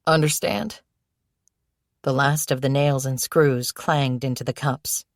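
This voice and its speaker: A woman reading a novel aloud as narrator, in steady, measured storytelling. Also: extremely low pitch, no echo, studio quality. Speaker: audiobook narrator. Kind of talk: scripted narration.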